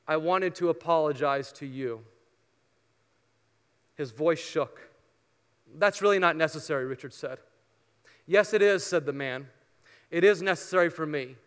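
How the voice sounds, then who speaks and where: Pastor guy giving a sermon, smooth clear voice, big church echo. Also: on the high side. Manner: earnest storytelling, dropping to a soft prayer. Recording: long hall reverb.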